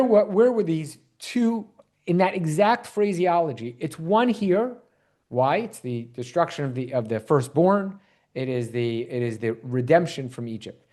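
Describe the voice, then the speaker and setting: Rabbi guy teaching scripture online, fairly high voice, keeps asking the audience questions. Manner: animated, quizzes the audience. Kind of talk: online Bible class.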